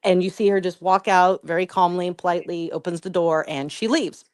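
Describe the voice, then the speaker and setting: A woman's voice: lowish voice, fairly even intonation, a little fast, clean tone, no echo. A woman co-hosting a commentary podcast, retelling an online drama in a chatty, profane way with lots of "like.". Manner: chatty, profane, heavy use of "like". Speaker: podcast co-host. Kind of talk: casual commentary storytelling.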